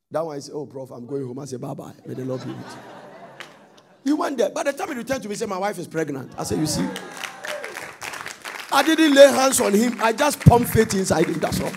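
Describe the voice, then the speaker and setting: A man preaching a sermon, telling stories and rising into sudden loud sung-out phrases. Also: high-pitched.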